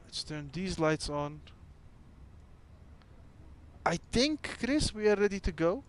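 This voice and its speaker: A man's voice: a little high, lively intonation, normal speed. A man whose first language is Dutch, chatting casually and thinking aloud as he runs cockpit checks while streaming a flight simulator. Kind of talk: casual gameplay commentary.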